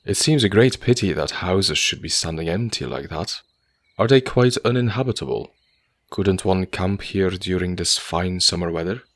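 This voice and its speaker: A man's voice: sits low, dry recording. Man reading a cheerful young writer. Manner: easy good-humoured, earnest. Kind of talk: audiobook character voice.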